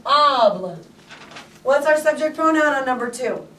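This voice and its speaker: A woman teaching a Spanish class, asking students questions and drawing words out slowly. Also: high voice, a little hiss or hum. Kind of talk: classroom lesson. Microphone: camera from across the room. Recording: echoey classroom from far off.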